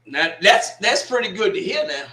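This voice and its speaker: A man hosts a sports watch party livestream, reading comments aloud and scolding a troll amid laughs and swearing. His voice is high-pitched, sing-song, pushed and bright, at a normal speed, and the room sounds echoey.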